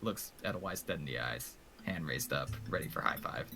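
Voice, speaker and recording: Male game master, animated, jokey sound effects. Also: rumbling low, moderate pace, over music. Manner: playful, sound-effect narration. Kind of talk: narrating a tabletop game.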